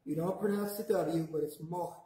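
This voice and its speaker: A man teaching a language class, patiently modelling words slowly for the class to repeat back. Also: a little high, steady tone, dark tone. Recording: very echoey classroom.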